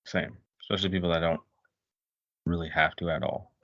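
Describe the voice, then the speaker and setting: A man's voice: sits low, flat delivery, fairly quick, a bit bright, no echo, dull audio. A man co-hosting a podcast, chiming in casually about a film in a blunt, profane way. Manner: short agreeing interjections, blunt and profane. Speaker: podcast co-host. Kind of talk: casual movie discussion.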